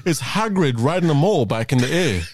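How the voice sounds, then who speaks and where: Young man, slightly high voice, animated and profane podcast co-host. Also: a little fast. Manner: animated, swears freely, laughs often. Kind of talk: casual banter.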